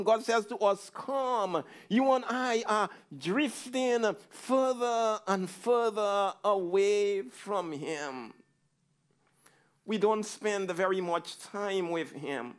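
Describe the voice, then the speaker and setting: A man's voice: sits high, clear, resonant tone. A male pastor preaching a fervent sermon, rising into repeated pleading cries.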